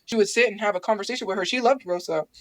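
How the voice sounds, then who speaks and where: A woman's voice: mid-range voice, racing, dry recording. A woman from New Mexico speaking straight to her livestream audience in an aggrieved, defensive way. Her voice sits in a middle range and sounds close and dry, with no room around it. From Albuquerque, New Mexico. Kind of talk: livestream monologue.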